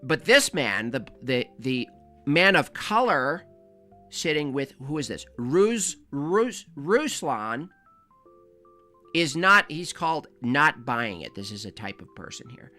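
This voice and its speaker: Bright, animated, sarcastic male streamer. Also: medium pitch, slow, faint music behind. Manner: sarcastic, mocking, rambling. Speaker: livestream host. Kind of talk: comedic live commentary.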